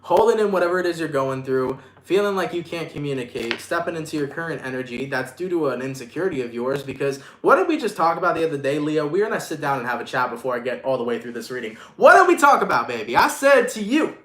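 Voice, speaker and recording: A man's voice: on the high side, expressive, fast, few pauses, fairly bright tone, reverberant, slight background noise. A man giving a casual live-streamed tarot reading, emphatic and profane, speaking with love to viewers. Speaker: tarot reader.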